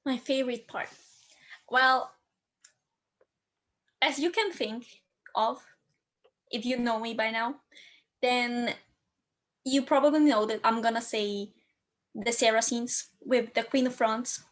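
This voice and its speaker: A woman's voice: a little high, takes it slowly, pauses often. A woman co-hosting a fan podcast in English, her second language after German, hesitant and searching for words. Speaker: podcast co-host. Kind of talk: casual podcast chat.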